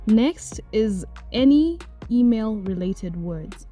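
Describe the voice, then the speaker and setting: A young adult woman giving casual commentary, ranting about annoying words in a playfully exasperated, animated way. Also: fairly high pitch, slow pace, faint music behind. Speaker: vlogger.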